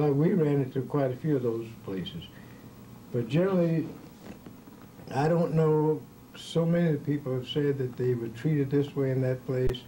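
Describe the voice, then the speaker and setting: A man's voice: on the high side, warm tone, a little hiss or hum, poor audio. An older man, a former ballplayer, telling stories from his career in a folksy, rambling way, chuckling as he goes. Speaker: former baseball player. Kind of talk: storytelling in an interview.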